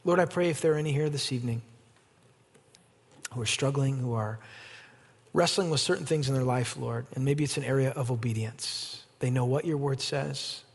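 A man preaching an evening sermon as pastor, animated and rising to emphatic peaks, then leading a closing prayer. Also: mid-range voice, normal speed, gravelly, slightly rough. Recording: long hall reverb.

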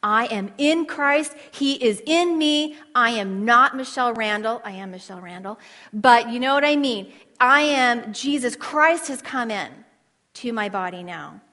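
A woman teaching a women's Bible study with passion, swinging between loud declarations and hushed asides and asking her listeners questions for a response. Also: a little high, lively intonation, unhurried, big-room sound. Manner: asks the audience questions for response. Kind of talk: passionate sermon.

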